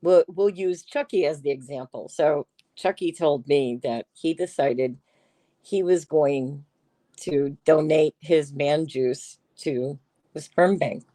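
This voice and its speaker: A woman's voice: low voice, takes it slowly, warm tone, no room sound. A woman hosting a casual livestream, chatting in a teasing way and reading her viewers' comments aloud. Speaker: livestream host.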